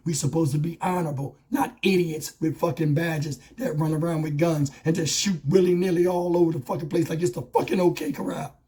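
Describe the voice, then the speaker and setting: Hoarse male vlogger with a high voice, fiery, profane commentary, close lavalier sound. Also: warm tone. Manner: blunt, profane, impassioned ranting. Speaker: YouTube commentator. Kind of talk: angry commentary vlog. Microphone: wireless lavalier.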